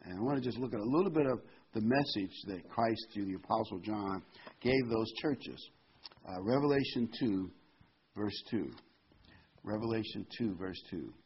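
A man preaching a sermon, reading scripture aloud and shifting between loud emphatic points and quiet asides. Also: on the low side, animated, moderate pace, a little hiss or hum. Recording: dull lo-fi recording.

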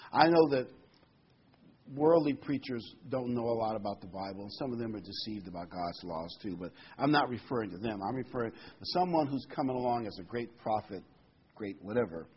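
A man's voice: medium pitch, breathy edge, highs cut off. A man preaching a sermon, reading Bible verses aloud and explaining them with folksy asides and a joke.

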